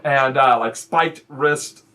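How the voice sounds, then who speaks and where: A man's voice: mid-range voice, slow, pushed and bright. A man narrating a tabletop game as game master, casual and rambling with many fillers.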